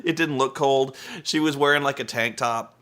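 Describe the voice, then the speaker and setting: A man's voice: mid-range voice, moderate pace, fairly bright tone. A man giving a profane, exasperated comedic rant while recapping a wrestling show, mimicking wrestlers.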